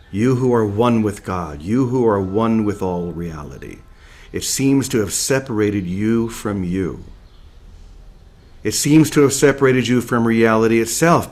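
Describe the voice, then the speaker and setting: A man from Oregon giving a slow, deliberate spiritual talk to his community and repeating key phrases. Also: medium pitch. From Portland, Oregon, USA. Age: young adult. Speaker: spiritual teacher. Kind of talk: spiritual talk to an online group.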